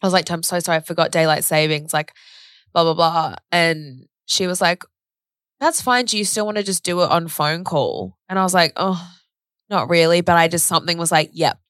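A woman's voice: lowish voice, fairly even intonation, brisk, a bit bright, no echo, studio quality. A woman with an Australian accent telling an emotional personal story in a chatty way, full of "like" and acted-out quotes. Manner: chatty, fillers of "like", acts out quoted speech.

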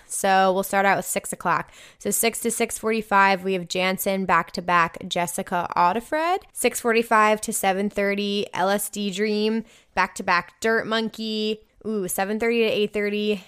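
A woman's voice: medium pitch, fairly bright tone, clean tone. A young woman hosting a casual podcast, reading listener messages aloud with upbeat enthusiasm. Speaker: host reading listener submissions.

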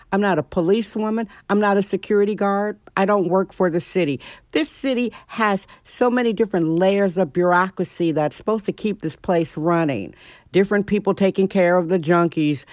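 A woman's voice: mid-range voice, no echo, studio quality. A middle-aged woman hosting her own show, ranting bluntly and sarcastically at home. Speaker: podcast host. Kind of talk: opinionated solo monologue.

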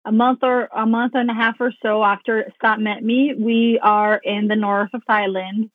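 A woman talking casually on a podcast, telling a story with lively energy and casual swearing. She acts out her own past thoughts as she goes. Her voice comes through a thin, phone-like line with a dry sound and a slightly high pitch. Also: normal speed, no room sound. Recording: phone-like narrow band, dry.

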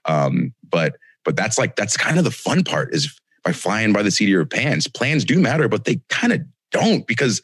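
Low husky man, rambling and dry. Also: very animated, moderate pace, hardly any pauses, a bit bright, no echo. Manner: rambling and reflective, many restarts. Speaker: podcast co-host. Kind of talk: casual chat.

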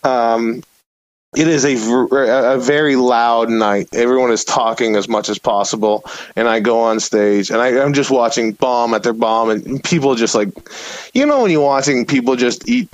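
A man's voice: medium pitch, moderate pace, dry recording, poor audio. Rambling, self-amused male comedian. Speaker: stand-up comedian. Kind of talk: casual storytelling chat.

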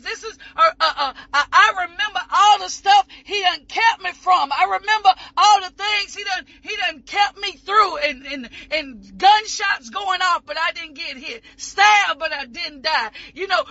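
A woman preaching an ecstatic sermon, shouting and whooping, her voice breaking as if crying. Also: very high voice. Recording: muffled lo-fi recording.

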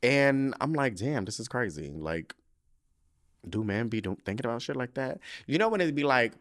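A man's voice: medium pitch, lively intonation, normal speed. A man hosting a casual solo podcast into a microphone, rambling and emotional and swearing freely as if he were on the phone. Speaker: podcast host.

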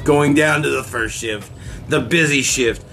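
A man in casual chat, joking and swearing in an animated way. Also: mid-range voice, a little slow, creaky, slight background noise.

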